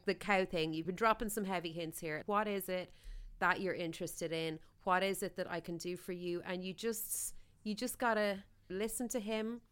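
A woman's voice: medium pitch, fairly bright tone, clear, resonant tone. A woman co-hosting a podcast, giving playful, bawdy advice in casual chat. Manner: bawdy, playful, bursts into silly sing-along. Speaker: podcast co-host.

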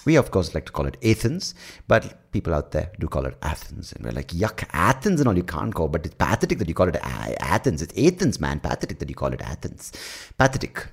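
Low-voiced indian guy rambling crude jokes on his podcast. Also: very animated, quick pace, creaky, breathy edge. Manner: rambling, crude, self-mocking. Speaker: podcast host. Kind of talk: comic podcast monologue.

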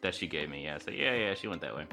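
A man with a very deep, gravelly voice plays his character in a tabletop game. He talks hesitantly, mumbling in a deadpan way, and his tone is crisp and bright. Faint music sits behind him. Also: fast talker. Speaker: player.

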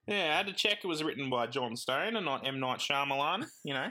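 Animated, bright-voiced joking man. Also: on the high side, brisk, a little hiss or hum. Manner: joking, laughs often, slips into silly character voices. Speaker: podcast co-host. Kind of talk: casual chat.

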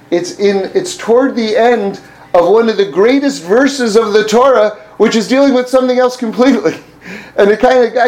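Man, high voice, animated Torah teacher, chuckles, restarts phrases. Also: rough recording. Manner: animated, laughing, repeats words while thinking. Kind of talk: informal Torah class.

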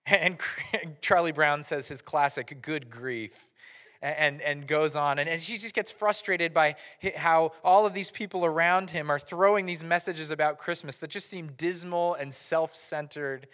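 A man in his thirties giving a playful, animated Christmas sermon to a church audience. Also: on the high side, moderate pace, hardly any pauses. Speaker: pastor. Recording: live hall reverb.

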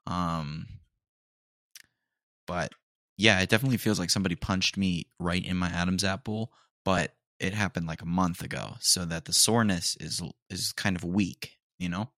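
Hoarse young man, low gravelly voice. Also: moderate pace, no room sound, studio quality. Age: young adult. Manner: rambling, relaxed, many fillers. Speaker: podcast host. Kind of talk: casual solo chat.

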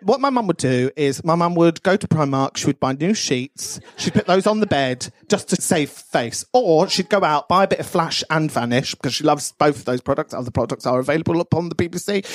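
Lively laughing host at a live show. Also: male voice, fairly high pitch. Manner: animated, swearing, laughing often. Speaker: podcast host. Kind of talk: live podcast show, bantering with audience. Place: live venue with audience.

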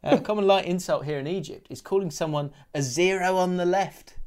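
A man's voice: sits high, brisk, a little mellow, smooth. A man co-hosting a football podcast, chatting casually and laughing as he reads listener messages aloud. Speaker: podcast co-host. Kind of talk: casual chat.

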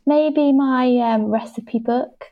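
A woman's voice: high voice, slow pace, phone-quality sound, background noise. A woman co-hosting a podcast from home at her laptop, casual chat, giggly and apologetic. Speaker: podcast co-host.

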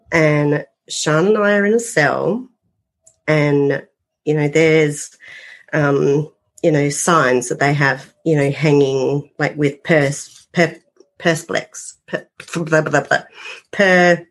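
Aussie woman, slowish lowish voice, rambly guest telling ghost hunting stories. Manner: rambling, full of "you know" fillers. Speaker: paranormal investigator guest. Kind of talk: casual storytelling interview.

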